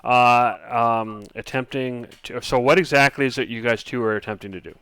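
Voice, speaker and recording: A man narrating a tabletop game as game master, halting often with ums and uhs. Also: medium pitch, steady tone, a bit bright, clean tone, no room sound.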